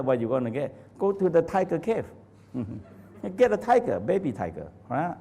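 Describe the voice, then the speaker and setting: A man teaching a live workshop in non-native English, animated, laughing often and firing questions at the audience. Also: medium pitch. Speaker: Taoist teacher. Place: training center hall.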